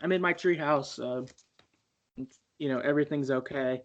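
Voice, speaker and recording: A man quoting a calm little girl speaking over a walkie-talkie, lifting his voice lightly. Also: on the high side, moderate pace, highs cut off, close to an everyday voice.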